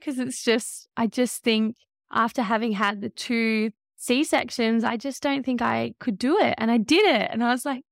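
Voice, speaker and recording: A woman in her thirties tells her story as a podcast guest, emotional and animated. Her voice sits a little high and has a gravelly fry running through it. The recording is dry and close. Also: moderate pace, no echo. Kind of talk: conversational interview.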